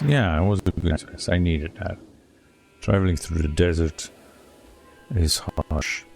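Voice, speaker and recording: A man playing a strategy game reads the event text aloud with a storyteller's lilt, muttering asides in between. He is a let's play streamer with a low, creaky voice and a slightly slow delivery, leaving long pauses over a noisy background.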